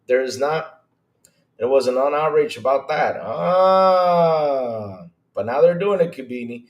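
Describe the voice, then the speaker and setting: A man's voice: mid-range voice, slow, highs cut off. Teasing man hosting a roomy livestream. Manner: lively, teasing, greets viewers by name. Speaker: gaming podcast host. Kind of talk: casual livestream chat reading viewer comments. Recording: roomy echo.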